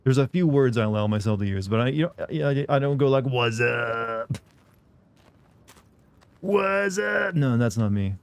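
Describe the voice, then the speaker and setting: A man's voice: mid-range voice, fast talker, hardly any pauses, darkish tone, clean tone. A young man who streams games and rambles and jokes casually with his viewers. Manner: rambling, joking, chats with viewers. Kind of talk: casual live-stream chatter.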